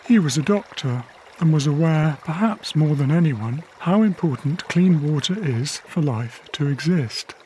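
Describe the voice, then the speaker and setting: A man, a wildlife cameraman from England, narrating his diary in a quiet, measured, reflective documentary voice. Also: a little high, animated, a little hiss or hum. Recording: faint river ambience behind.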